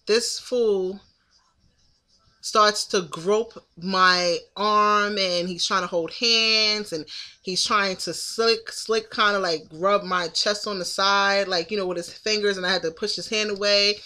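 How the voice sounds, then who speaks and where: A woman's voice: medium pitch, fairly even intonation, slow pace, pushed and bright. A woman in her thirties telling a story to the camera in a casual, indignant venting monologue. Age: 30s. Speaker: vlogger.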